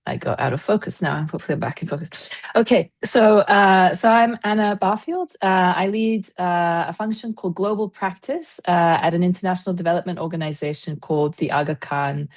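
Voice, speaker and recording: A woman with a notably low voice introduces herself on a panel over a video call. She speaks with frequent fillers and hesitations. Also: brisk. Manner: warm, many fillers and hesitations. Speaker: head of a global practice at a development organization, panel guest. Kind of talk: casual panel conversation.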